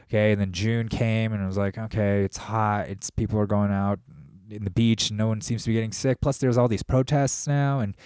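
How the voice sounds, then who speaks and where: A man with a low-pitched voice hosts his own show in a loose, profane, rambling monologue that keeps swinging between mutters and outbursts. The sound is dry and close, with no room around it. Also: fairly quick, smooth, dry recording. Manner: profane, rambling, animated rant. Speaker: podcast host. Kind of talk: casual monologue.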